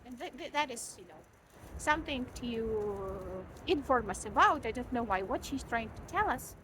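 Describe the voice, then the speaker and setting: A high-voiced woman talks in a tired, sleep-deprived way, chatting candidly to her viewers with plenty of fillers and repeated words. Her home recording carries a clear layer of background noise. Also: expressive, moderate pace. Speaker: vlogger, mother of a baby. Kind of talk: casual vlog chat.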